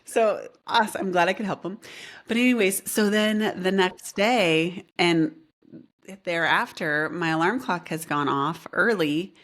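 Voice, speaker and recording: A woman's voice: fairly low pitch, a little slow. A woman co-hosting a podcast, telling a story in a chatty way with many fillers. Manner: chatty, many fillers, animated quoted voices. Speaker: podcast co-host. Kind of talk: casual chat, storytelling.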